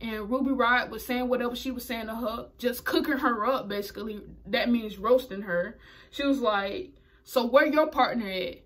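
A woman's voice: fairly high pitch, fairly even intonation, normal speed, a bit bright. A woman recapping a wrestling show in a chatty, slangy way, laughing often. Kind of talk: casual video recap.

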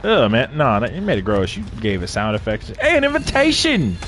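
A man's voice: lowish voice, big pitch swings, brisk, a little hiss or hum. A young man hosting a gaming video, joking crudely and swearing often during casual banter.

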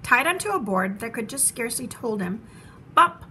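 A woman teacher reading a children's storybook aloud with animated, rhythmic rhyming narration. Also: fairly high pitch, a little fast, slight background noise.

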